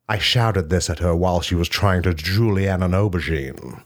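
A man telling an absurd comic monologue in deadpan style, bursting into shrill shouted quotes. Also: normal speed. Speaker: comedian.

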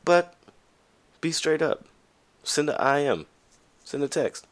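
A man hosting a podcast, talking candidly and casually to listeners, with frequent fillers and restarts, and his voice jumps up high when he stresses a point. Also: takes it slowly. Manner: lively, pitch jumps high for emphasis. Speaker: podcast host. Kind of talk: casual motivational monologue.

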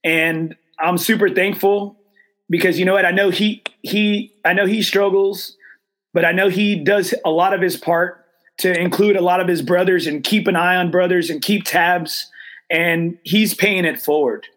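A man's voice: high voice, fairly even intonation, normal speed, fairly bright tone. A man hosting a casual chat, earnest and grateful, peppering his talk with "man" and "dude". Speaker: host.

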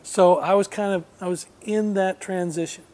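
Chatty man telling a story, fairly high voice. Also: moderate pace. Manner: relaxed, rambling, laughs often, mimics voices in anecdotes. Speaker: guest musician. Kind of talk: casual storytelling.

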